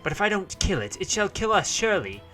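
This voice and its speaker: A man's voice: high voice, big pitch swings, fast talker, sharp tone, soft background music, pitched above the performer's own voice, heavily acted. A man voicing a proud, wordy young female sword knight who boasts in archaic, pompous speech, reading a visual novel aloud. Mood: perplexed.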